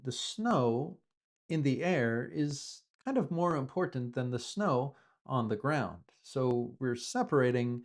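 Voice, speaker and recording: Slow, patient male English teacher. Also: medium pitch, darkish tone. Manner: slow, patient explaining with repeated examples. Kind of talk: explaining vocabulary from the news.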